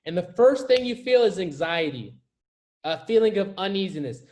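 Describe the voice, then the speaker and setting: High-voiced man giving emphatic motivational talk. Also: lively intonation, normal speed, a little mellow. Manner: emphatic, repeats key phrases for effect; casual slangy speech. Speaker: life coach.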